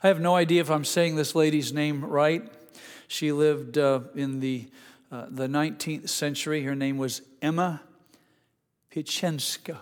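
A man preaching a sermon as pastor, halting and repeating words, then rising to emphatic, higher passages. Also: steady tone, smooth, in a large hall.

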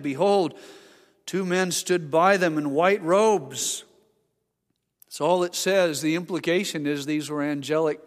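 A man preaching a sermon as a pastor, emphatic and acting out the voices he quotes. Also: high voice. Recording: long hall reverb.

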